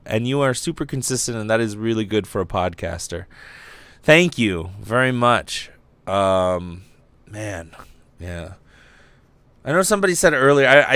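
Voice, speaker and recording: A man's voice: medium pitch, a bit bright, clear, resonant tone, no room sound. A young man hosting a casual livestream podcast, rambling and giddy, lightheaded from fumes, swearing freely. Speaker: podcast host.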